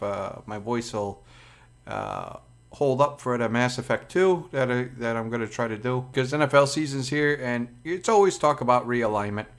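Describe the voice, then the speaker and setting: A man's voice: medium pitch, fairly bright tone. A man with a Brooklyn accent, talking casually as a channel host, rambling with lots of fillers and crude swearing. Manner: crude, profane, chatty with many fillers.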